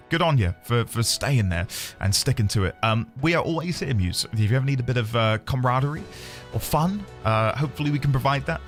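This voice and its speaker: A man's voice: medium pitch, a bit bright. A man in his thirties, streaming a game and chatting casually with his viewers in a rambling, self-deprecating way. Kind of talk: casual live-stream chat.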